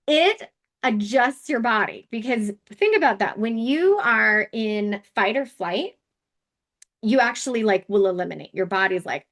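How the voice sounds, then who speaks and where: A woman's voice: fairly high pitch, animated, moderate pace. Chatty candid woman host. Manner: chatty and candid, with fillers and asides. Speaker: wellness session host. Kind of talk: casual live teaching session.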